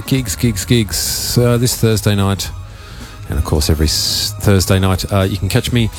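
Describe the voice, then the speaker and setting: A man with an Australian accent hosting a live dance radio show, rambling loosely with plenty of fillers and a croaky voice. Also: lowish voice. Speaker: radio host and DJ. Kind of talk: casual live radio talk. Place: radio studio.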